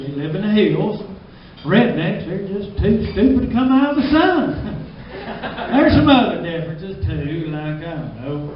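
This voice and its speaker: A man's voice: sits high, slight background noise. A man with a Southern US drawl doing a stand-up comedy set in a small club, laughing at his own jokes. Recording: distant, dull, echoey club recording.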